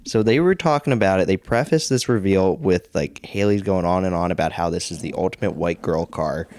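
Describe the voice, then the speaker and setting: A man co-hosting a podcast in casual chat, measured and hedging as he talks things through. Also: low-pitched, darkish tone, dry recording. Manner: measured, hedging with "I mean" and "I think". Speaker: podcast co-host.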